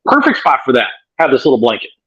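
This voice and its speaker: A man's voice: mid-range voice, huge pitch swings, fast, a bit bright, slightly rough. A man co-hosting a live stream from a remote connection, joking and rambling in a casual way. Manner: joking, rambling, laughs easily. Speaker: co-host joining remotely. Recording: dull lo-fi remote call audio.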